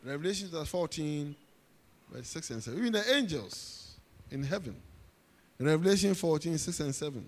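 A man's voice: on the high side, expressive, normal speed. A man preaching a sermon with a Ghanaian accent, emphatic, repeating phrases and calling out to the congregation. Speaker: pastor. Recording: long hall reverb.

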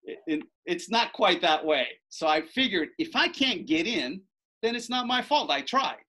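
A man spins a casual story with a bright, forceful voice sitting a little high for a man. He jumps into quoted lines with extra lift and energy, then drops back into easy narration. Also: normal speed. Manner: animated, acts out quoted lines with raised voice. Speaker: storyteller recounting a bet. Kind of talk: casual anecdote told to an audience.

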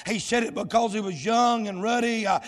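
A man preaches at full cry, his high voice ringing off the walls of a large sanctuary with a long, trailing echo. He chants in drawn-out shouted bursts, gasping "uh" between each phrase. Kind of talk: shouted revival sermon. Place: church sanctuary.

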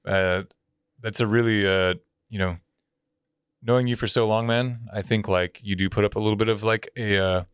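A man's voice: fairly low pitch, fairly even intonation, normal speed, clear, resonant tone, no room sound, clean studio sound. A young man co-hosting a podcast, telling stories in a profane, rambling way with lots of fillers. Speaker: podcast co-host. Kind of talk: casual podcast banter, storytelling.

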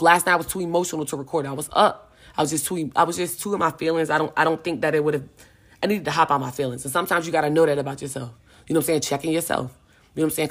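A young woman hosting a podcast, talking in a casual, emphatic, slangy way as she motivates listeners. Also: low voice. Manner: emphatic, slangy, repeats "you know what I'm saying". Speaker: podcast host.

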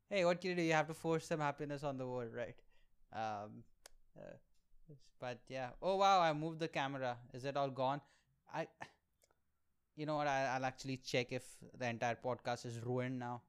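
A man in his 20s from India talks at a moderate pace in a smooth, medium-pitched voice. Hosting his solo podcast, the aspiring comedian tells candid, profane stories that mock himself.

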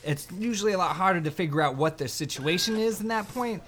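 A man with a fairly high voice plays an emergency dispatcher in a comedy interview. He answers in a gruff, grumbling, deadpan way and turns crude without warning. A faint noise sits behind him. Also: fast.

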